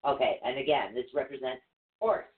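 A man's voice: medium pitch, a little fast. A man teaching runes on a live show, patient and step by step, spelling out words as he goes. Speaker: rune teacher. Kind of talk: live-stream teaching with banter. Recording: tinny phone-like line.

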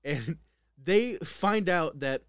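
Young male podcaster, slightly high voice, easygoing storyteller full of ums, dry close mic. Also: very slow, clear, resonant tone, no echo. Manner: laughs often, filler-heavy, relaxed storytelling. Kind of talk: casual chat, recounting a true crime story.

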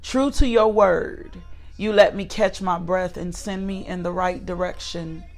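A woman's voice: fairly low pitch, steady tone, unhurried, faint music behind. A woman leading a morning devotional, moving from murmured repeated thanks into emphatic, restless preaching with many fillers and restarts. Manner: fervent, repetitive prayer building to emphatic preaching; fillers and restarts, talks directly to listeners.

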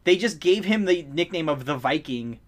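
A man's voice: on the high side, animated, moderate pace. A man in casual podcast chat, rambling and laughing as he retells movie scenes.

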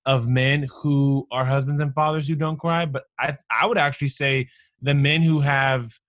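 A man in his thirties talks in a casual, earnest way, drawing out his thoughts in long reflective phrases. His voice sits at an ordinary middle pitch. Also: fairly even intonation, moderate pace, a bit bright, no echo, studio quality. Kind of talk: casual chat.

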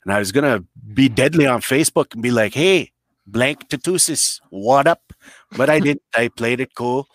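A man from Canada, telling a comedic story in a rambling, blunt and profane way, breaking into shouted impressions. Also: mid-range voice, moderate pace, no room sound, clean studio sound.

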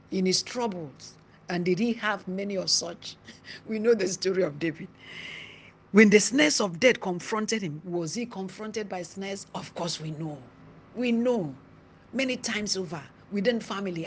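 A woman preacher giving a sermon, reading scripture slowly and stressing each phrase. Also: medium pitch, a little hiss or hum. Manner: slow emphatic scripture reading with rising emphasis.

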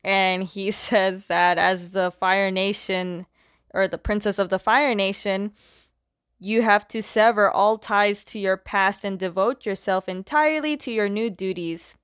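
A woman's voice: medium pitch, fairly even intonation, unhurried, smooth, no room sound, studio quality. A woman casually retelling a plot, chatty, often laughing and acting out the quotes. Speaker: episode recapper.

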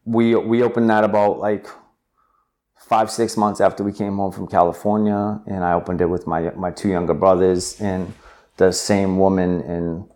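A young adult man, an interview guest, telling a personal story in an animated way with many filler words. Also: low voice, moderate pace. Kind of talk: conversational storytelling.

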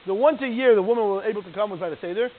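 A man giving a Torah class in an animated, fast yeshiva cadence, his talk full of Hebrew terms. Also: high-pitched. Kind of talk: Torah lecture. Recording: tinny phone-like line with hiss.

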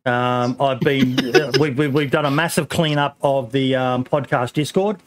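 A man's voice: medium pitch, normal speed. Australian man, podcast host, loose sweary chat with ums. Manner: swears freely, lots of ums and laughs.

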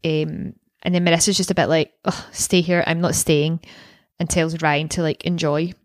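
A woman's voice: low-pitched, little pitch movement, moderate pace, dry recording. Young woman, casual podcast chat, swears a lot, dry close sound. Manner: chatty, swears freely, acts out quotes. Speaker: podcast co-host. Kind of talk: casual chat recapping a TV episode.

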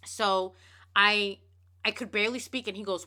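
Swearing freely, a woman in her thirties hosts a podcast and shares a personal story with candid, animated energy. Her pitch is medium and her pace moderate in this casual storytelling monologue.

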